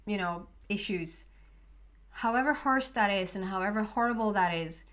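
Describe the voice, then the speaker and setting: A woman's voice: medium pitch, normal speed, fairly bright tone. A woman giving a casual spoken tarot reading, rambling with many fillers and restarts. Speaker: tarot reader.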